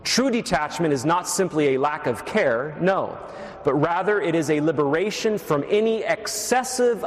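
A man preaching a sermon as a priest, teaching steadily with wry asides to the congregation. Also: on the high side. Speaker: Catholic priest. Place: church. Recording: echoey church reverb.

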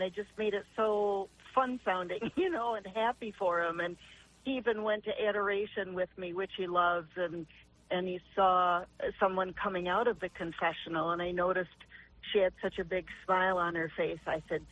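An older woman calls in over a phone line to a radio talk show. She talks in an earnest, chatty way, circling back and restarting as she tells her story. Her voice sits at a middle pitch for a woman. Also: fairly even intonation, moderate pace, a bit bright. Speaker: caller. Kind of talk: call-in radio question.

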